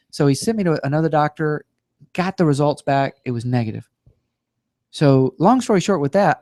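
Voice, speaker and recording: A man's voice: on the high side, no echo, clean studio sound. Joking man telling a personal story. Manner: humorous, animated storyteller, acts out quotes. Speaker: guest. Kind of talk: casual talk-show storytelling.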